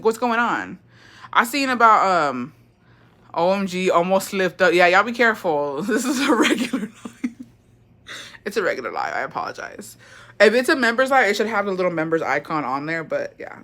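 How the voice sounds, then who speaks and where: Woman, 20s, bright voice, swears a lot, gossipy storytime livestream host. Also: mid-range voice. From Mexico. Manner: chatty, profane, gossipy, reads chat aloud.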